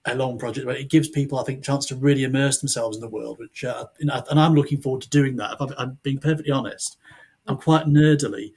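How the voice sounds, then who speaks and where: A man's voice: medium pitch, fairly even intonation, fast talker, a little mellow, husky. A man, an author, chatting casually as a podcast guest, rambling and restarting his sentences with the odd chuckle. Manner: rambling, self-interrupting, chuckling.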